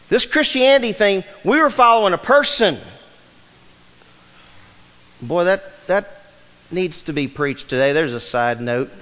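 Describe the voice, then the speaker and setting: A man's voice: high-pitched, pushed and bright. A pastor in his fifties preaching a sermon with emphatic delivery and rhetorical questions to his congregation. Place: church sanctuary. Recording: long reverb of a large hall.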